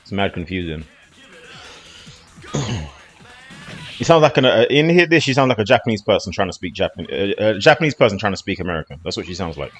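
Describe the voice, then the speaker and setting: A man's voice: on the low side, sing-song, brisk, long pauses, faint music behind. A man, casually commentating a fighting game on a live stream in a loose, slangy, rambling way. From southeast England.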